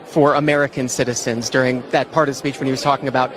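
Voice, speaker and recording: A male reporter asking a question in a brisk, formal way. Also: mid-range voice, level tone, noisy background. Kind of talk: news interview question.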